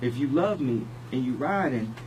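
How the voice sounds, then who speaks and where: A man being interviewed on the radio, talking in a halting, rambling way full of restarts. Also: mid-range voice, expressive, darkish tone, slight background noise, poor audio. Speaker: interview guest. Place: radio studio.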